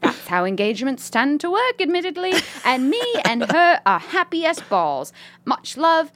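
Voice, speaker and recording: A woman's voice: high voice, big pitch swings, normal speed, fairly bright tone, no room sound. A woman podcast host reading a listener email aloud with a playful, put-on British accent. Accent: mock British.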